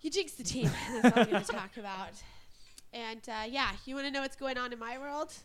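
A woman's voice: a little high, fast talker. A woman co-hosting a podcast in casual chat, playfully teasing her co-host and laughing often.

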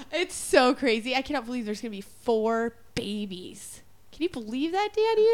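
Woman radio co-host, high voice, giggly, gushing, casual chat. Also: sing-song, normal speed, a little mellow.

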